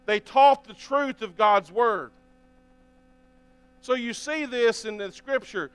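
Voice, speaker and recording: A man's voice: extremely high pitch, takes it slowly, long pauses, fairly bright tone, smooth, no room sound. Man, pastor, sermon, asks for amens, reads scripture aloud, close dry sound. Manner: preaching, often asking listeners for an amen.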